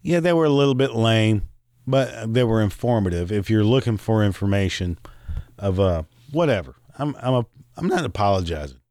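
This male podcast host delivers a furious, profanity-laden rant full of tangents, punctuated by brief bursts of laughter. His fairly low, somewhat dark voice has lively intonation and normal speed, captured in a dry, clean studio recording.

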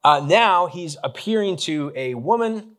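A man's voice: fairly high pitch, animated, measured pace, a bit bright. Casual joking male pastor. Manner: casual, joking, many fillers and restarts. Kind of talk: conversational sermon.

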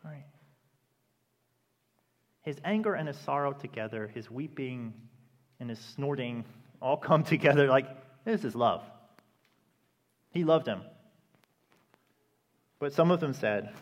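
A man preaching a sermon with impassioned delivery that rises to loud, emphatic peaks. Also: medium pitch, unhurried, long pauses. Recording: long reverb of a hall.

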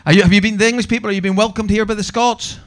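A man's voice: sits high, fairly even intonation, rapid-fire, a bit bright. A man with a Northern Irish accent doing a brash, sweary live stand-up set and teasing the audience. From Northern Ireland. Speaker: stand-up comedian. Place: comedy venue stage.

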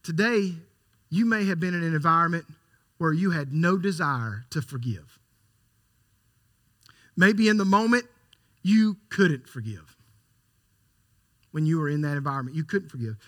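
A man preaching a sermon, emphatic, repeating key lines for stress and swinging from quiet to loud. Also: high-pitched.

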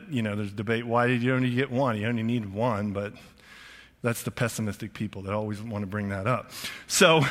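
An older pastor with a sharp, mid-range voice delivers a conversational sermon, chatty and emphatic, often starting his phrases over. The long reverb of a large church auditorium surrounds his words.

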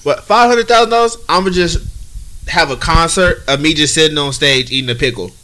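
A man's voice: on the high side, brisk, pushed and bright. Brash man with a noisy mic. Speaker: podcast co-host. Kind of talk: casual chat.

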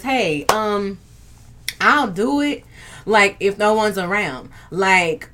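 A woman's voice: medium pitch, animated, slow, a bit bright. A young woman hosting a casual livestream, bantering with viewers, reading their comments aloud and laughing often. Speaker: livestream host. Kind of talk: casual live chat.

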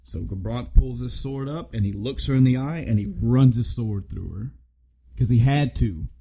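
A man co-hosting a podcast, retelling a game story in a casual, animated way with plenty of swearing and restarts. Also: mid-range voice, normal speed, gravelly, breathy edge, low-quality recording. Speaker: podcast co-host.

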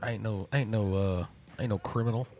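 A man's voice: lowish voice, fast talker, mellow, faint music behind. Guy in his 30s cracking crude jokes with his friends. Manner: crude joking and trash talk. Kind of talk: casual chat among friends.

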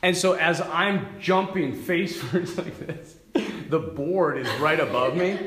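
A priest giving a sermon, telling a personal story in a lively way, laughing and restarting his sentences. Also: a little high, slow, reverberant, a crowd in the background. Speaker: priest, vocation director.

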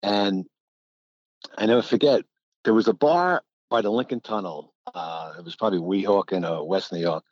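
An older man spins long, rambling stories in a relaxed conversation. His voice sits fairly low, and he keeps breaking into quick impressions of people from his past. The recording is dry and a little dull. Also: dry recording. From New Jersey. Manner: rambling, animated, acts out quotes. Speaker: guest, former college basketball player. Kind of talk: casual storytelling.

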